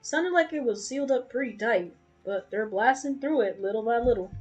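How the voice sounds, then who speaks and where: A woman voicing an easygoing male merchant in a game, with a put-on American Southern accent and a deep drawl. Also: lively intonation, moderate pace, a little mellow, soft background music, lightly acted, low-quality recording.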